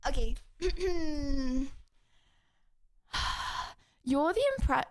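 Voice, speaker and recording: Bubbly high-voiced young woman streamer. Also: animated, slow, long pauses, no echo, studio quality. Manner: chatty, bubbly, self-teasing. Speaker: streamer hosting chat debates. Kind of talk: casual live-stream chat.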